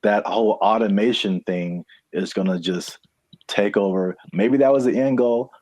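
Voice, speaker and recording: Brief: young male co-host, low-pitched, casual and rambling, dry close sound. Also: moderate pace, no echo. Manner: relaxed, rambling, frequent "uh"s. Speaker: podcast co-host. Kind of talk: casual chat.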